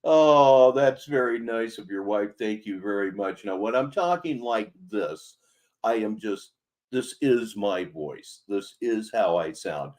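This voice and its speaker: A man delivers sardonic commentary at an unhurried pace. His pitch swings widely as he lingers over his put-downs. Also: expressive, darkish tone. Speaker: commentary channel host. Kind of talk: mocking commentary.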